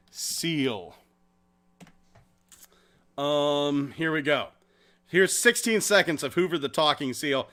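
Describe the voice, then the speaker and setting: A man hosting a casual podcast, reading chat comments and telling stories in a profane, animated way. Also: a little high. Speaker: podcast host.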